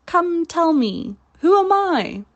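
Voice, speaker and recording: A woman reading aloud voices a proud, menacing male pirate captain with a slow, theatrical delivery. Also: very high voice, very animated, muffled recording, voice pushed up, heavily acted. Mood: desperate. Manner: theatrical, commanding, growing fearful.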